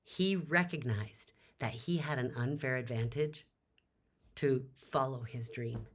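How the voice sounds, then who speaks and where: A woman's voice: a bass voice, takes it slowly. A woman giving a motivational talk, telling a story dramatically and emphatically, with her voice climbing sharply at emotional peaks. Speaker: motivational speaker.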